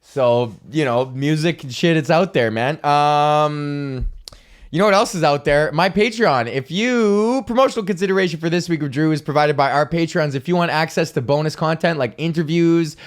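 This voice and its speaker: Profane rambling comedian host. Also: male voice, fairly high pitch, moderate pace. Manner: profane, rambling, laughs at own jokes. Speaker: podcast host. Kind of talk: casual comedy rant.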